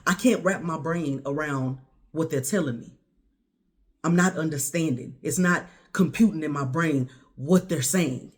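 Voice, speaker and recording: A woman recounting a harrowing personal story straight to the camera, her voice climbing high and loud when she relives her own words, then dropping low and quiet. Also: a little fast. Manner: intense, rising to near-shouts when quoting herself.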